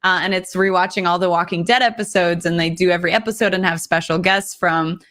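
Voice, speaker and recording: A woman's voice: fairly low pitch, steady tone, quick pace, fairly bright tone. A woman chatting casually as a guest player, bubbly and rambling and laughing often. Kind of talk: casual chat.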